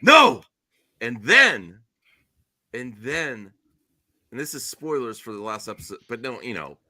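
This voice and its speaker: A middle-aged man hosting a casual podcast chat. He tells stories animatedly and slips into high squeals when mimicking others. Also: very animated, unhurried, sharp tone, no echo. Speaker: show host.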